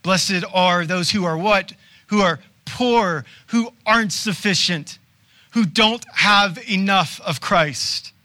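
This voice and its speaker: Bright-voiced man preaching conversationally. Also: high voice. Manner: conversational preaching, rhetorical questions, quick asides. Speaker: pastor. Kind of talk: sermon.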